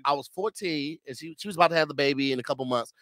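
Bright-voiced man telling stories. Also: a little high, very fast, no echo, studio quality. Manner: animated storyteller who mimics people. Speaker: podcast co-host. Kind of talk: casual storytelling.

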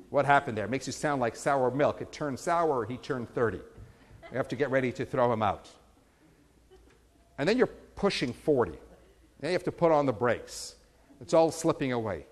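A man's voice: fairly high pitch, animated, normal speed, big-room sound. A man, a rabbi, giving a sermon with jokes and stories that rise to emphatic peaks. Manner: storytelling with humor, rising to emphatic peaks.

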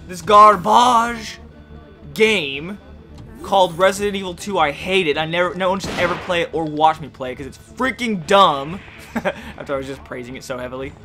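A young man doing rambling, joking commentary while playing a video game, often yelling at it. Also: a little high, a little fast, faint music behind. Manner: goofy, rambling, yells and jokes at the game. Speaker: gaming YouTuber. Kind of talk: let's play commentary.

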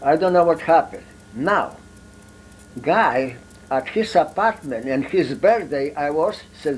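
A man in his eighties with a Polish accent, a war veteran telling his story in halting, broken English with many fillers. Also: on the high side, lively intonation, slightly rough, poor audio. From Poland. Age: 80s. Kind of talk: storytelling in an interview.

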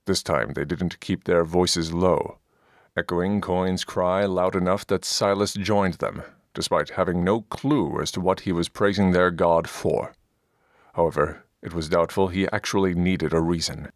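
A man narrating a fantasy audiobook in a measured, deadpan way, close to the microphone. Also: deep voice, no echo. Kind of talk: scripted narration.

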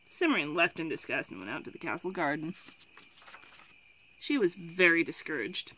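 A woman's voice: deep voice, very animated, normal speed, bright, forceful tone, husky, poor audio. Woman reading a fantasy novel aloud. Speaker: book reviewer.

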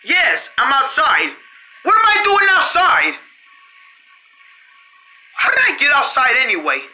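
A performer voicing a drowsy, bewildered guy whom the others tease as old, who wakes up confused and shouts in alarm. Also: high-pitched, wildly swooping pitch, normal speed, full character voice, rough recording.

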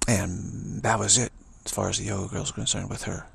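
A man telling a rambling spiritual story in a halting way, often repeating words and restarting. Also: lowish voice, flat delivery, creaky, fairly bright tone, breathy edge.

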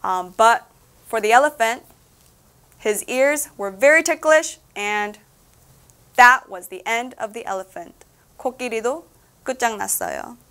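A woman's voice: fairly high pitch, a little fast, long pauses, a bit bright, smooth. A woman reading a children's storybook aloud as a lesson, switching between English and Korean, playful and full of questions to the listener. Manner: playful, asks the listener questions, laughs often.

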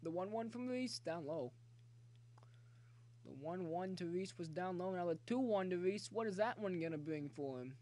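A man streaming a baseball video game, talking chattily to viewers and yelling excitedly at the plays. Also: high voice, moderate pace. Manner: excitable, cheers and yells at the game; talkative, jokey banter with viewers. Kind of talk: live gameplay commentary.

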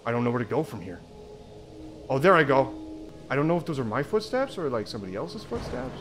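A man's voice: mid-range voice, big pitch swings, fast talker, a bit bright. A young man giving jokey, jumpy commentary while playing a horror game, swearing and talking to himself. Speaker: let's play host. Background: game music.

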